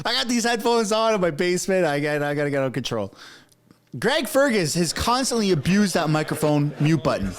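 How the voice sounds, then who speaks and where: A man's voice: high-pitched, sing-song, a little fast. A man livestreaming from his home basement on a headset, reacting to a parliamentary session with exasperated, swearing rants. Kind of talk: live reaction commentary.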